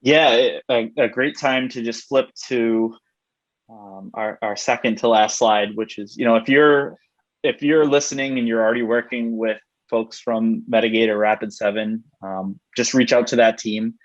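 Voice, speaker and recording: A man's voice: mid-range voice, steady tone, normal speed, no room sound, muffled recording. A man on a webinar panel, explaining things in a casual way.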